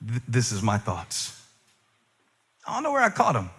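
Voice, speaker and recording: A male pastor in his forties preaching a sermon, moving between loud preaching and quiet, low asides, confessional and self-mocking. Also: wildly swooping pitch, normal speed, big-room sound, slight background noise. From United States. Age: 40s.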